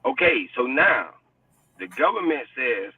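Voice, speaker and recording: A man's voice: mid-range voice, sing-song, measured pace, breathy edge, no room sound. A man in a heated casual debate, blunt and profane, insisting on his point and repeating himself. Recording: distant, dry, phone-like sound.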